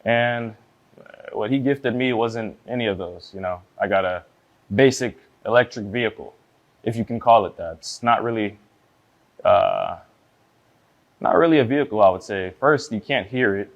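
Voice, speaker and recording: A man in his early twenties, a plaintiff speaking hesitantly in court with many fillers and a quiet voice. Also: fairly low pitch, normal speed, long pauses, dull audio. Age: 20s.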